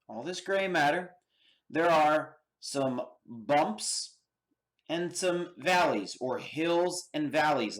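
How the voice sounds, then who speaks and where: An American man teaching an anatomy lab, explaining step by step and checking in with his students often. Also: a little high. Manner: slow and deliberate, checks in with okay and all right. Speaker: anatomy instructor. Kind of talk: lab demonstration lecture.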